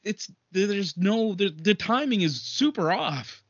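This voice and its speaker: A man's voice: high voice, animated, a little slow, no room sound. A man from Canada, a guest on a movie podcast, talking in dry, sarcastic casual chat. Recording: dull, dry podcast audio.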